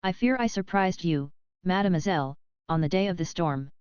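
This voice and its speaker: A woman's voice: lowish voice, expressive, moderate pace, darkish tone, smooth, dry recording, dull audio, close to an everyday voice. A woman reading the part of a passionate young French lady's maid who pleads fervently. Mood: mild.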